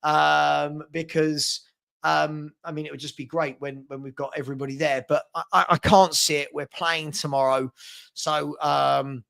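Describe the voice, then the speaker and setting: Chatty male stream host, slightly high voice with some fry. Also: little pitch movement, a little slow, fairly bright tone. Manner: chatty, thanks viewers by name. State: hiccups. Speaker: fan channel host. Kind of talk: casual live-stream chat.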